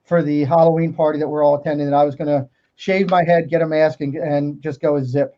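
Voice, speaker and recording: A man co-hosting a relaxed livestream with a fairly high voice. He chats easily and reads viewer comments aloud. The stream audio is muffled and lo-fi. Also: fast. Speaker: livestream co-host. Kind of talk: casual chat.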